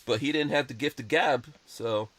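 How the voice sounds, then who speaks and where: A man's voice: medium pitch, normal speed, very noisy. A man hosting a podcast, chatting casually and rambling through his opinions. He speaks bluntly, in an ordinary middle-range voice. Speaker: podcast host. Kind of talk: casual chat.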